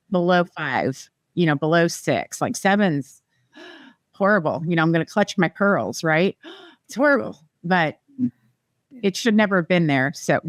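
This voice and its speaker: A middle-aged woman from the American Midwest, talking as a real estate guest on a podcast, chatty and quick to laugh. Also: lowish voice, dry recording. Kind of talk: casual podcast chat.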